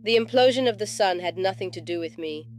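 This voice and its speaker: An urgent young woman, as a male narrator puts her on speaks in a lifted, insistent voice. She presses her point quickly in this audiobook reading. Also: high-pitched, pitched above the performer's own voice, close to an everyday voice.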